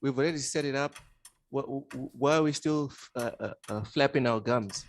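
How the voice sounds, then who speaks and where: A man's voice: medium pitch, normal speed, slight background noise. A man co-hosting a casual gaming podcast, protesting his friend's teasing in exasperated, laughing banter. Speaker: podcast co-host.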